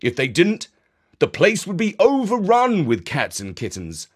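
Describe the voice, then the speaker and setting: A man's voice: on the high side, wildly swooping pitch, measured pace, husky, voice pushed up, full character voice. A man playing a blunt, teasing uncle in a children's audio story, his tone matter-of-fact.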